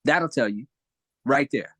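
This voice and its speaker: A man's voice: medium pitch, expressive, a little slow, bright, forceful tone, dry recording. A man speaking expressively on a live video-call talk show, giving emphatic motivational advice.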